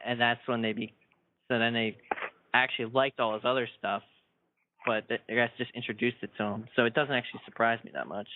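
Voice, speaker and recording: A man chatting on a podcast, hesitant and halting as he speaks. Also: mid-range voice, level tone. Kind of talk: casual podcast chat. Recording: tinny phone-like recording.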